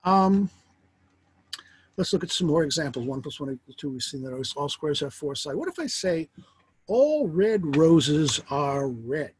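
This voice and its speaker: Middle-aged guy teaching philosophy, wry and animated, voice jumps all over, bit of hiss in the back. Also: a little high, moderate pace, poor audio. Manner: wry, lively lecturing with rhetorical questions. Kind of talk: lecture.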